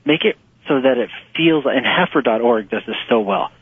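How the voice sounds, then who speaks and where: A man with a husky, slightly rough voice talks through his ideas in a loose, animated way, laughing easily and jumping into little acted-out quotes. The sound is dry and tinny, like a phone line. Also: medium pitch, normal speed, dry recording. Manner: animated, laughs often, acts out quotes in a raised voice. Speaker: author and nonprofit fundraising guest. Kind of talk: conversational interview answers. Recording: muffled phone-line audio.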